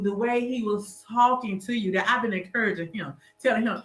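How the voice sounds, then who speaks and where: A woman's voice: on the high side, brisk, hardly any pauses, fairly bright tone, roomy sound. A woman guest in a casual interview, telling her story earnestly and with animation.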